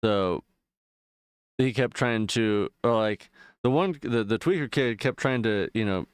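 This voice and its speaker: A man's voice: fairly low pitch, measured pace, clear, resonant tone, dry recording, clean studio sound. A male streamer chatting casually while gaming, rambling and swearing freely, full of fillers. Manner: rambling, profane, loose retelling with frequent fillers.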